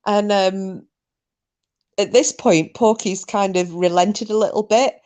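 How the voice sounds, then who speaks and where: With a steady, slow, darkish voice at medium pitch, a young woman streaming tells a relaxed story to her chat. Laughter comes often, along with free swearing and plenty of self-mockery.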